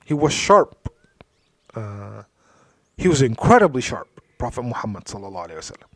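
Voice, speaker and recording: Man, mid-pitched, giving a storytelling religious talk, dry close sound, drops into quiet asides. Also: very animated, a little fast, husky, dry recording. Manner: storytelling, drops to soft asides, frequent "you know". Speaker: Islamic speaker.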